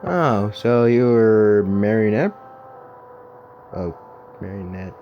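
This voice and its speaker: A man's voice: fairly low pitch, lively intonation, slow pace, muffled recording. A man playing a video game, casually commenting and muttering self-deprecating remarks to himself. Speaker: let's play gamer. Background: game music.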